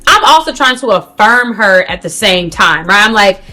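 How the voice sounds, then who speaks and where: A young woman vlogging a storytime to camera in an animated, slangy manner, talking to viewers as "girl". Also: medium pitch, moderate pace. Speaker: beauty vlogger. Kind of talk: storytime vlog.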